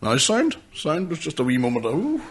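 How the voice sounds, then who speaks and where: A man co-hosting a podcast, swearing freely as he tells animated stories in casual chat. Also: medium pitch, fairly quick, breathy edge. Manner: animated storyteller, swears freely, laughs often. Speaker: podcast co-host.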